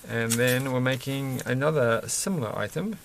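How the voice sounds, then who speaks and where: Aussie guy chatting while he builds, bit of vocal fry, faint hiss behind, keeps chuckling and trailing off. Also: medium pitch, normal speed. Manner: rambling, self-interrupting, chuckles often. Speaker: vlogger building Lego sets. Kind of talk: casual chat while building.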